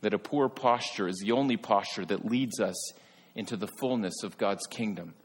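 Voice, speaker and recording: A man preaching a sermon in an earnest way, rising to emphatic peaks and then dropping soft. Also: on the low side, normal speed, long reverb tail, a little hiss or hum. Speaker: pastor.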